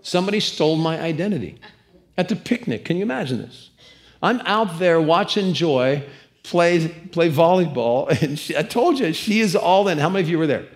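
Preacher guy in church, kinda high voice, telling funny stories, lively. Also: moderate pace. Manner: animated storytelling with humor and asides. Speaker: pastor. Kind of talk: sermon.

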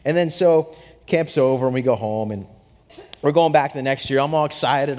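A young adult man preaching a sermon, telling a story with animated swings from hushed to excited. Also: medium pitch, moderate pace. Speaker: pastor. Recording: long hall reverb.

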